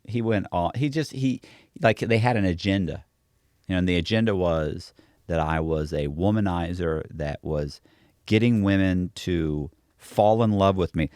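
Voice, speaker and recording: A man's voice: deep voice, darkish tone, no echo, studio quality. A man as an interview guest, telling his story in blunt, slangy casual chat, full of restarts and self-mockery.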